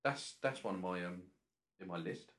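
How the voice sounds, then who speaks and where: A man's voice: sits low, normal speed, fairly bright tone. A man co-hosting a podcast, chatting casually in a jokey, rambling way. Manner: jokey, rambling, slips into silly voices. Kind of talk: casual chat.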